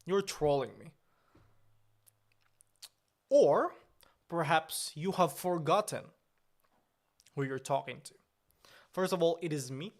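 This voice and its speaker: A man's voice: on the high side, expressive, takes it slowly, long pauses. A man playing a pompous, boastful, easily offended company boss on a comedic livestream, talking in an indignant, grandiose way.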